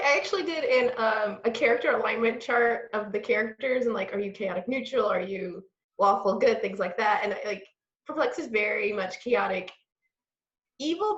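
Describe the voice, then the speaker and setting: A bubbly woman voice actress chatting casually on a podcast, her voice set a little high. She laughs often. The sound is roomy and slightly dull, like a lo-fi home recording. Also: fairly bright tone. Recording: echoey room, dull lo-fi sound.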